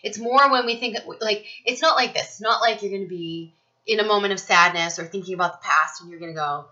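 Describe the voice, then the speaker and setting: A woman with a bright, forceful voice talks through a spiritual card reading in a rambling, earnest way, full of "you know" and "um". The recording sounds muffled and lo-fi. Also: mid-range voice, brisk. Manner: rambling, earnest, filler-heavy. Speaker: spiritual reader. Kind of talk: casual energy reading monologue.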